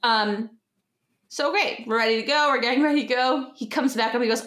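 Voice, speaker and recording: A woman with a fairly high, bright, forceful voice tells a lively story in casual conversation, slipping into quoted voices and cursing now and then. The sound carries noticeable room echo. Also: a little fast. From Denver area, United States. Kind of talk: casual chat.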